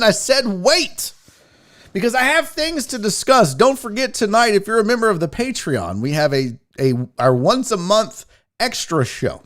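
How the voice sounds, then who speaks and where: A man's voice: high voice, fairly bright tone. A man hosting a sports talk livestream, chatting casually and profanely while teasing his chat. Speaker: sports show host.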